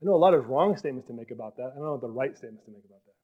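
A man preaching a sermon as pastor in a casual, animated way, sometimes acting out what others might say. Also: medium pitch, racing, slightly rough. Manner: animated, conversational, acts out quoted speech. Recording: dull lo-fi recording.

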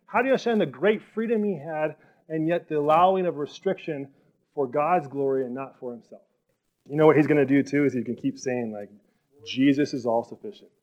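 Animated male pastor preaching, lo-fi sound. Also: a little high. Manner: animated, conversational, acts out quoted speech. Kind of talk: sermon. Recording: dull lo-fi recording.

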